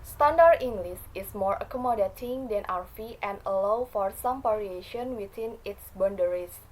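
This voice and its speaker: A woman's voice: mid-range voice, moderate pace, darkish tone, rough recording. A woman reading a class presentation from notes, with frequent fillers and small slips.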